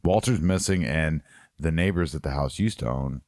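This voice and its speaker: A man's voice: rumbling low, moderate pace, darkish tone, no echo, studio quality. A man co-hosting a horror podcast, retelling a film in a laid-back, profane way. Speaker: podcast co-host. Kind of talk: casual chat.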